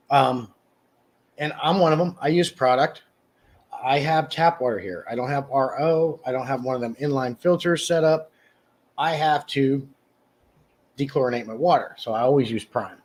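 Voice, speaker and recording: Guy doing a laid-back live stream, chatty, answers the chat, kinda rambly. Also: darkish tone. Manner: rambling, answers chat by name, many restarts; mock sales pitch, slow and emphatic. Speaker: livestream host. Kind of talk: casual live chat reading comments.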